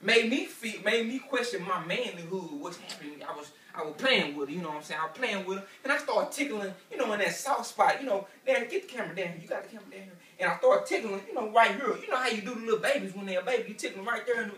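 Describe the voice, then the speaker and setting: A man's voice: sits high, expressive, quick pace, few pauses, sharp tone, distant mic. A man doing a stand-up comedy routine, telling loose, repetitive stories with asides to the crowd. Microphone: camera from a distance. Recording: echoey room picked up from afar.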